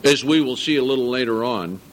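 A man's voice: mid-range voice, slight background noise. Earnest older man preaching a sermon. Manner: earnest, reads scripture slowly with emphasis, corrects himself. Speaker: pastor.

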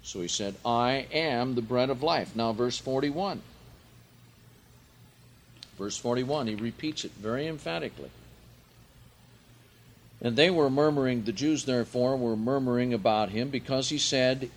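A man preaching a Bible teaching sermon, slow and emphatic, lifting his voice on key words and carefully sounding out Greek phrases. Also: medium pitch, a little hiss or hum.

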